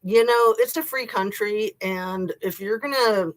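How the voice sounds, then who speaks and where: A woman's voice: medium pitch, unhurried, rough recording. Chatty woman live-streaming from home. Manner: rambling and chatty, laughs often. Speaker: YouTube live-stream host. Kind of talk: casual live-stream chat. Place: home room.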